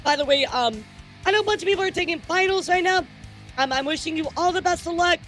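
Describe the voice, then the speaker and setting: Woman streamer ranting to chat, swears a lot, pretty high voice, faint music behind. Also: fast. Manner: animated storytelling, swears freely. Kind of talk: casual livestream chat.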